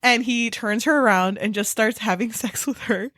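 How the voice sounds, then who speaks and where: A young woman co-hosting a casual book podcast, talking with animated energy, swearing often and acting out characters in big voices. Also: fairly high pitch, moderate pace, no room sound, clean studio sound. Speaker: podcast co-host. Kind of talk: casual chat about books.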